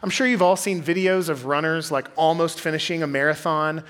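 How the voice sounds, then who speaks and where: Groups pastor, young man, talky sermon storyteller with a fairly high voice. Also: fairly quick. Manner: conversational storytelling, drops to quiet intensity.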